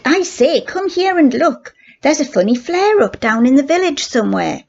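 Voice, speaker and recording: Older woman doing a schoolboy, excited, high, breathless, storybook reading, dull lo-fi sound. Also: moderate pace, creaky, heavily acted. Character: excited schoolboy Larry, eager leader.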